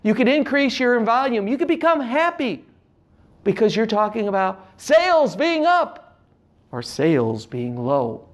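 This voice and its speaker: His voice is very high and a little slow. In an instructional talk to camera, the man teaches public speaking tips with an animated, emphatic delivery and shifting inflection, demonstrating gestures while he speaks.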